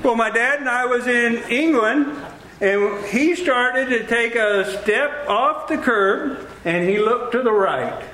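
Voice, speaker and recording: A man preaching a sermon, telling lively stories with acted-out dialogue. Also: very high-pitched, slow, a little hiss or hum. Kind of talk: sermon with storytelling. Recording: roomy echo.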